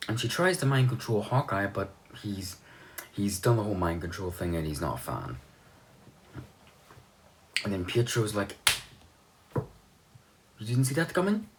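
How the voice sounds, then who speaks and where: Deep-voiced man recapping a movie casually. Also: moderate pace, pauses often, noisy background. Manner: rambling, offhand, swears casually. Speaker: movie reviewer.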